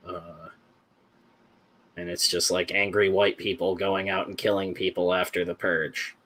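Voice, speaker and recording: A man with a lowish voice chats loosely on a podcast. He rambles and jokes, laughing easily with his friends. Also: little pitch movement, bright, forceful tone. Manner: joking, rambling, quick to laugh. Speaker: podcast co-host. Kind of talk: casual chat.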